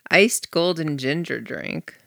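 A woman co-hosting a podcast in casual chat, teasing and quick to laugh. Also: sits low, lively intonation, gravelly, fairly bright tone, dry recording, studio quality. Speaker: podcast co-host.

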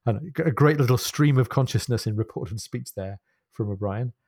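A man's voice: mid-range voice, a little fast, husky, no room sound, clean studio sound. A man co-hosting a book podcast, reading passages aloud expressively and laughing easily. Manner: animated, reads quotes expressively, laughs easily. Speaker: podcast co-host.

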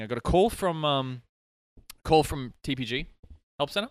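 A man's voice: on the high side, animated, moderate pace, no room sound. A man, co-hosting a gaming podcast in casual chat, rambling through a story and laughing easily. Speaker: podcast co-host. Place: studio. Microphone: podcast mic.

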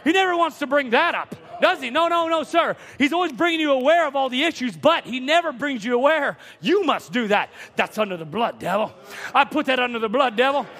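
A man preaching a sermon from the pulpit, building to impassioned shouts. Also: very high-pitched, expressive, a little fast. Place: church sanctuary. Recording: church hall reverb.

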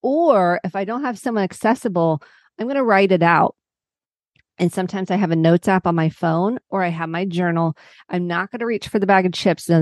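A woman's voice: lowish voice, a little mellow, no echo, clean studio sound. A middle-aged woman psychotherapist explaining coping steps as a podcast guest, walking through everyday examples. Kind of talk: podcast interview.

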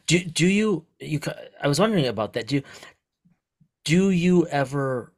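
A middle-aged man hosting a podcast, talking in a casual, chatty way and chiming in often with quick agreement. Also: a little high, animated. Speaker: podcast host. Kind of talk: casual chat.

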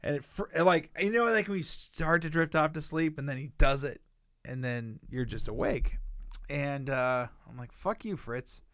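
A man's voice: on the high side, normal speed, a bit bright, dry recording, studio quality. A man co-hosting a casual podcast, telling rambling, profane stories and acting out what people said. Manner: rambling profane storyteller who acts out quotes. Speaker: podcast co-host.

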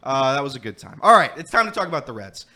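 Bright-voiced man hosting sports talk. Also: medium pitch, fast talker. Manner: animated storyteller, laughing often. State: dealing with a throat thing. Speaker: guest host. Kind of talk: casual sports radio chat.

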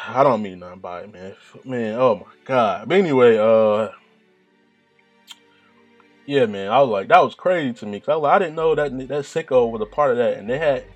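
A man with a deep voice talking in a rambling, profane, laid-back monologue, often laughing at himself. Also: normal speed, muffled recording, soft background music. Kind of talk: casual monologue.

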